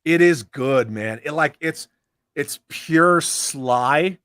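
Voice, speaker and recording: A man's voice: a little high, slow, fairly bright tone, smooth. A man co-hosting a casual livestream, chatting loosely with a lot of swearing and reading out chat comments. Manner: laid-back, profane, riffing.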